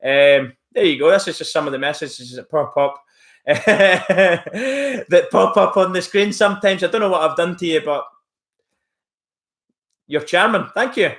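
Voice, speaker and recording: A man's voice: sits high, unhurried, a bit bright. A man live-streaming from home, rambling casually as he reacts to chat messages and mocks a troll. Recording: roomy echo.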